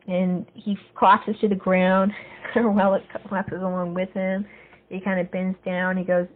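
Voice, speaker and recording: A woman's voice: medium pitch, normal speed. Woman recapping a show over a tinny line. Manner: retells scenes step by step, lively when quoting characters. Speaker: podcast host. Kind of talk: casual episode recap. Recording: phone-like narrow sound.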